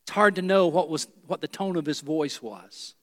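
A man's voice: a little high, normal speed, in a large hall. A male pastor preaching a sermon in a church, earnest and emphatic, turning to the congregation with asides.

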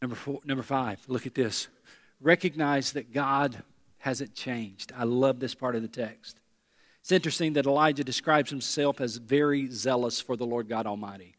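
A pastor preaching a sermon to a congregation, talking earnestly and repeating words for emphasis. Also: male voice, mid-range voice, normal speed. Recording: long reverb of a large hall.

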